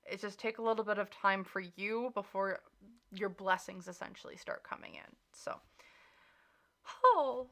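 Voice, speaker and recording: Woman, tarot reader, casual chatty reading, reassuring, gravelly voice. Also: mid-range voice, steady tone, normal speed, fairly bright tone. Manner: chatty, emphatic, reassuring, many filler likes.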